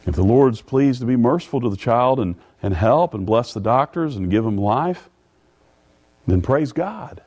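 A middle-aged man preaching a sermon in a folksy way, stumbling over repeated words and rising in pitch when reading scripture. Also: expressive, normal speed, a little mellow. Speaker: pastor.

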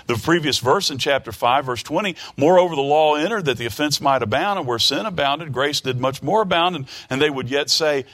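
A man's voice: a little high, fairly quick, few pauses, fairly bright tone. A man preaching a sermon, reading scripture aloud and explaining it earnestly, often repeating words as he searches for the next phrase.

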